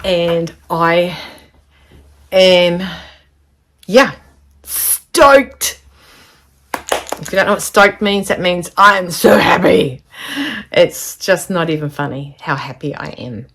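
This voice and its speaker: A woman's voice: lowish voice, fairly even intonation, measured pace, a bit bright. Chatty, rambling woman sewing vlogger. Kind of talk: casual chat to camera. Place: home sewing studio.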